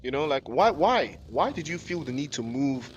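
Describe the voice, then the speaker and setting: A man's voice: a little high, very animated, moderate pace, highs cut off. A man casting live esports, mixing play-by-play with joking, slangy chat banter and frequent laughter, on a headset mic with faint background noise. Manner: jokey, rambling, slangy, laughs often. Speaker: esports caster.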